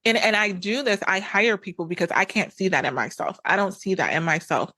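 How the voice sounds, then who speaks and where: A woman's voice: medium pitch, fairly quick, pushed and bright, no echo. A woman hosting an advice podcast, talking frankly and conversationally, repeating phrases for emphasis. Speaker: podcast host and coach. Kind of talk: casual advice monologue.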